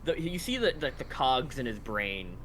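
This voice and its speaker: A man narrating scenes as game master for a tabletop game, pausing often with fillers. His voice is bright and forward. A faint background noise sits under it. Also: mid-range voice, sing-song. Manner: halting, many fillers.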